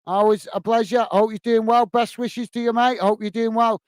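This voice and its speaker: A livestreaming man with a very high, steady-toned voice hosts a live football watch-along at a normal speed. He reads the viewers' chat aloud and responds in a friendly, chatty, casual way. There's no room sound.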